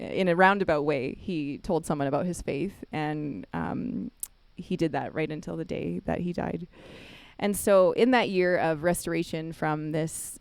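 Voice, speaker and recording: Woman, low gravelly voice, chapel speaker, animated storytelling, dry close sound. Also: no room sound. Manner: animated storytelling, acts out quotes, laughs often.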